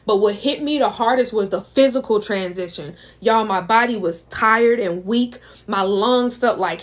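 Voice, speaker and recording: A young adult woman from the United States, telling a dramatic storytime in a chatty way and talking straight to her viewers. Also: on the high side. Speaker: vlogger. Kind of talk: casual storytime.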